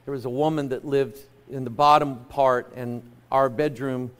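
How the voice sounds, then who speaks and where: A man preaching a sermon as pastor, at times raising his voice and at times speaking softly and personally. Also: mid-range voice, fairly even intonation, moderate pace. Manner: preaching loudly then dropping to a soft, personal tone.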